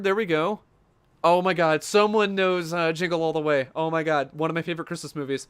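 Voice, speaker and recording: A man streaming a fighting game, rambling through loose, joking commentary and reacting out loud to every hit. His voice sits a little high and comes through smooth and clear. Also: fairly quick. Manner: rambling, jokey, reacting aloud to the match. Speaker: gaming streamer. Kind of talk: casual gameplay commentary.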